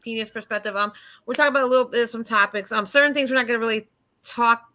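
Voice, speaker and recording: A woman's voice: a little high, rapid-fire, pushed and bright. A woman hosting a casual livestream panel, rambling with many ums and restarts. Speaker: host.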